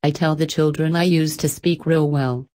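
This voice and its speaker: Woman reading as husky, eager farm mother. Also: low-pitched, normal speed, natural voice. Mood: fond. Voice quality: husky, breathy. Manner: excited, bustling, fond. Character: warm Bohemian farm mother, middle-aged, eager.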